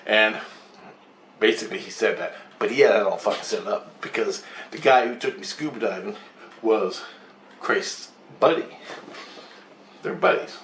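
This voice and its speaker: A man's voice: lowish voice, moderate pace, pauses often, a bit bright. A man telling a long, rambling dream story in a casual, profane way, often circling back and repeating himself. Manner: profane, repetitive, re-enacts others' words in raised voices. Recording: roomy echo, distant mic, faint hiss.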